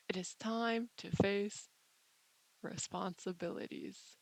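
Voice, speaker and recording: A woman's voice: medium pitch, slow, gravelly, rough recording. A woman host musing in a casual monologue, playful and rambling, with mock drama. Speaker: channel host.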